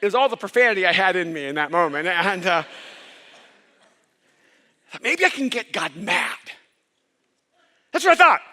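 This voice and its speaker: A male pastor preaching a sermon with impassioned storytelling that rises toward near-shouts. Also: sits high, sing-song, moderate pace, pauses often.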